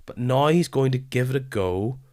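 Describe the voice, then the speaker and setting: A man hosting a football podcast, his voice weary from a lingering illness, keen but halting at times. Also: mid-range voice, expressive, mellow. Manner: enthusiastic, with halting restarts. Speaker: podcast host. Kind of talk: casual football podcast chat.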